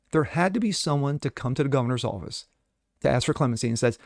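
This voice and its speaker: Male host, solo commentary; sarcastic, filler-heavy delivery, gravelly voice, close and dry. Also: medium pitch, brisk, darkish tone, dry recording. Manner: blunt, sarcastic, many fillers. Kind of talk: solo commentary reading news and opining.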